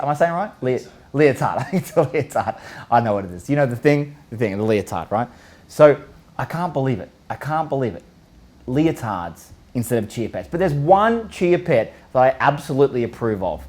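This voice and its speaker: An upbeat man hosts a live show and runs through a countdown with plenty of banter. He keeps tossing questions at his audience and teasing a co-host. His pitch sits right in the ordinary middle for a man. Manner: energetic, jokey countdown, rhetorical questions, occasional swearing. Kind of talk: live online show, casual chat.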